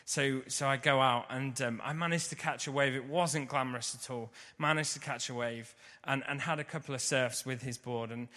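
A man telling a personal story vividly, swinging between loud bursts and hushed moments. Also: mid-range voice, normal speed. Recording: long reverb of a large hall.

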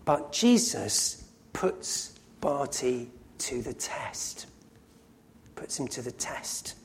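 A man preaching a sermon, telling a story in a conversational way and often slowing down to emphasize lines. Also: mid-range voice, lively intonation, a little hiss or hum. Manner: conversational storytelling with sudden loud acted cries.

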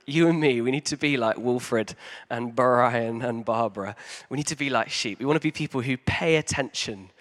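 A man as a pastor giving a sermon in a church hall, talking conversationally with frequent ums and animated emphasis. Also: medium pitch, moderate pace, hardly any pauses.

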